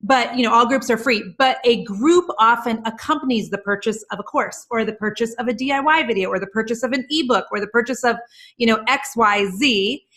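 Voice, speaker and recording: Her pitch sits fairly high and her tone is a bit bright. Interviewed on a video call, this entrepreneur guest chats casually but emphatically, firing off a quick list of examples.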